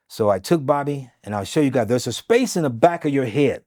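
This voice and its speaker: Animated man telling a story. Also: medium pitch, a little fast. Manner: animated, repeats phrases, acts out quotes. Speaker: interview guest. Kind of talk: emotional storytelling.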